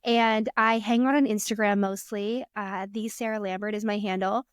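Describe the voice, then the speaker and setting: Smooth-voiced mother telling parenting stories. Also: mid-range voice, steady tone, normal speed, no echo, clean studio sound. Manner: earnest, storytelling, acts out her kids' lines. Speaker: podcast guest, coach. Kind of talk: casual interview talk.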